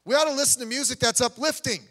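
A man preaching a sermon in a church, talking conversationally with asides, restarts and quick jokes. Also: very high-pitched, a bit bright. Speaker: pastor. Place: church sanctuary. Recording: long church hall reverb.

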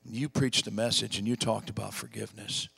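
Gravelly folksy male preacher. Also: on the low side, steady tone, fairly quick, big-room sound. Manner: folksy, emphatic, drops to a hush for heavy moments. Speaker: evangelist preacher. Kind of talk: storytelling sermon.

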